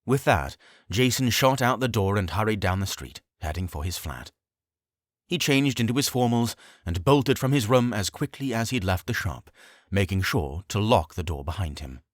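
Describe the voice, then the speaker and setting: A man reading a fantasy audiobook as narrator, with steady, expressive storytelling. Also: fairly low pitch, normal speed, no room sound, clean studio sound.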